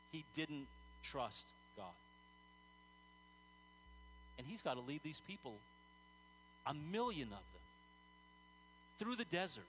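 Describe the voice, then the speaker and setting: A man's voice: on the high side, sharp tone, a little hiss or hum, rough recording. A man preaching a sermon in an earnest, conversational way, telling stories with many fillers and restarts.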